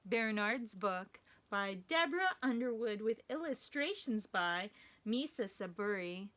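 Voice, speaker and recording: A woman's voice: mid-range voice, animated, unhurried, fairly bright tone. Cheerful woman hosting kids' story time. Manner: cheerful, playful, talking directly to young kids. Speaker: children's librarian and story time host.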